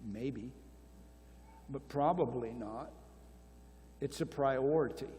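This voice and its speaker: A man's voice: medium pitch, fairly even intonation, a little slow, dark tone. An older man answering questions at a marriage conference, earnest and exhortative, repeating key phrases. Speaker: conference speaker. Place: church hall. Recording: long reverb of a church hall.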